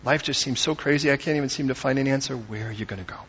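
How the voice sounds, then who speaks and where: A man preaching a sermon as pastor, animated and conversational, acting out the people in his story. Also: mid-range voice, rapid-fire, slightly rough, dull audio.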